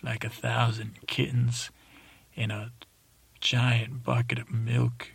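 A man voicing a rambling, flirtatious male cat knight in a meandering bedtime story for a sleep podcast, halting with many fillers. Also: mid-range voice, monotone, vocal fry, husky, no room sound, full character voice.

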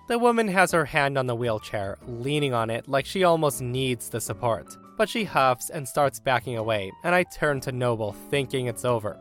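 Mężczyzna czytający historię w równym tempie. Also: male voice, mid-range voice, animated, moderate pace, few pauses, a bit bright, faint music behind. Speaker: narrator. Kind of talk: reading a Reddit story aloud.

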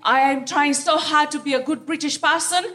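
A woman from Africa doing a live stand-up set on a theatre stage, delivering deadpan punchlines and teasing the crowd. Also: high voice, normal speed. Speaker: stand-up comedian.

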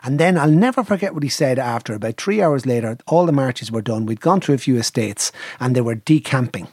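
Husky Irish man, middle-aged, spirited raconteur; dry close mic. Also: medium pitch, brisk, no room sound. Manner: lively storyteller, mimics drum sounds, swears casually. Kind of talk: animated anecdote telling.

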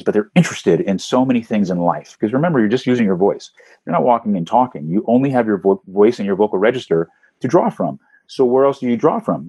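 A man, a voice actor, talking casually in an interview, telling animated stories and swooping up in pitch for emphasis. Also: slightly rough, no room sound. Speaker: voice actor guest.

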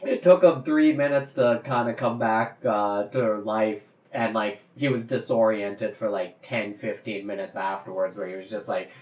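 A man telling a story in casual chat, getting animated and loudly acting out the people he quotes. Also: on the low side, normal speed, hardly any pauses. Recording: roomy, dull lo-fi sound.

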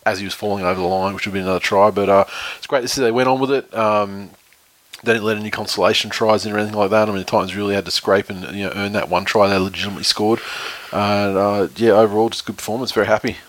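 A man's voice: fairly low pitch, steady tone, rapid-fire, dry recording. A man chatting casually about football, rambling and swearing a lot and laughing often. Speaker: podcast co-host. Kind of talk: casual sports chat.

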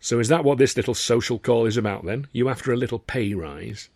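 A man's voice: mid-range voice, fairly quick, darkish tone, slightly rough, no echo, clean studio sound. A man voicing a sarcastic, calculating older male theatre boss who talks bluntly to his employees.

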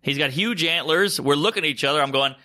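A man, a comedian from the United States, telling stories in casual podcast chat, animated, acting out voices and swearing freely. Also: fairly high pitch, fast talker, a little hiss or hum. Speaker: stand-up comedian, podcast guest.

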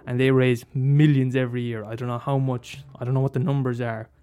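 Animated swearing man, film chat. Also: brisk, clean tone, faint music behind. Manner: animated, swears freely, bursts into high exclaims.

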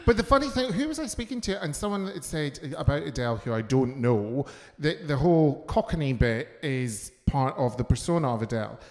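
Man comic, higher-pitched, quick jokey asides, hall echo. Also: animated. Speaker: comedian guest. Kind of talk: live talk show chat. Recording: long hall reverb.

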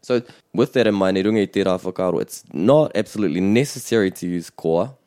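A man hosting a bilingual language lesson, explaining in a measured way with small restarts. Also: low voice, warm tone, dry recording, studio quality. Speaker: te reo Māori teacher and podcast host.

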